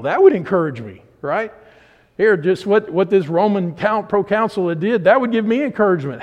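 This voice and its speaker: A man's voice: high voice, lively intonation, normal speed, lo-fi sound. A man teaching a Bible study class, retelling scripture conversationally with frequent restarts. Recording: reverberant hall.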